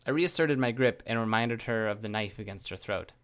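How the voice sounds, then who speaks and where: A man's voice: on the low side, a little fast, clear, resonant tone. Man narrating a first-person story. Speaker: audiobook narrator.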